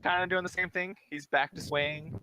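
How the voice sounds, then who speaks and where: A man serving as dungeon master, narrating a tabletop session with a bright, forceful edge to his voice. His delivery is easygoing and loose, sprinkled with little fillers. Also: on the high side, steady tone, moderate pace, clear, resonant tone, no room sound, poor audio. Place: home setup, streamed live.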